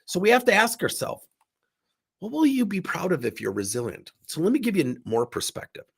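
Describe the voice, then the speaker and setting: A man's voice: high-pitched, huge pitch swings, fairly quick, creaky, breathy edge. A man coaching in a recorded workshop talk, sick with a strained voice, speaking in an emphatic, candid way while seated indoors. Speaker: business coach.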